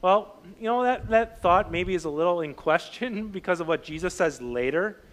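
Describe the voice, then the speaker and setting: A man giving a sermon as a pastor, talking conversationally with many fillers and restarts, lively when acting out scenes and quiet when personal. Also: moderate pace. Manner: animated and loud when voicing the disciples, quiet and low when personal.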